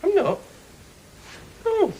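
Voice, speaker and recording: A cheeky, wry petty thief. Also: male voice, very high-pitched, big pitch swings, dark tone, highs cut off, a little hiss or hum, heavily acted. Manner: wry, cheeky, quick with a comeback. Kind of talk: 1980s sitcom acting.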